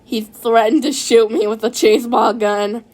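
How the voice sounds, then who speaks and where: A woman's voice: fairly high pitch, fairly even intonation, moderate pace, darkish tone, natural voice. A woman voicing a young woman in a comic story who pleads with a sheriff for help. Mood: pleading. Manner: pleading, thankful.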